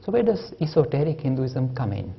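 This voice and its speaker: A male lecturer giving a public lecture, telling stories and jokes in an animated way and acting out the quotes. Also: mid-range voice, fairly quick, gravelly, lo-fi sound, noisy background. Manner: animated, joking, acts out quotes. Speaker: lecturer on religion and science. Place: lecture hall at a university.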